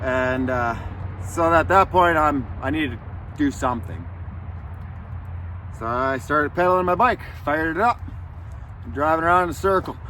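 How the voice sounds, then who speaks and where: Man, slightly high voice, angry, swearing vlog storyteller outdoors, faint traffic. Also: moderate pace, long pauses, sharp tone. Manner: angry, profane and rambling. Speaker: vlogger. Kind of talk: casual storytelling.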